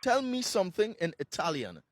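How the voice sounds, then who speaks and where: A man's voice: sits high, huge pitch swings, brisk, a bit bright, no echo. A man interviewing passers-by on a city street in a playful, teasing quiz style. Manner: playful, teasing, sing-song questioning.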